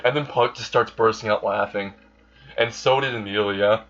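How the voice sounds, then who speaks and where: On a dull, lo-fi recording, a man makes up a fan story out loud, rambling along with fillers and correcting himself. His voice sits on the low side with a steady, fairly bright tone, and he talks at a normal speed.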